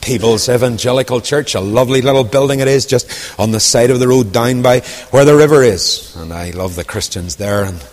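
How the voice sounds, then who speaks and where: With a lilting voice at medium pitch, a man delivers a storytelling sermon a little fast and with few pauses, sinking into quiet asides before rising to loud, ringing declamation. The recording carries a long hall reverb.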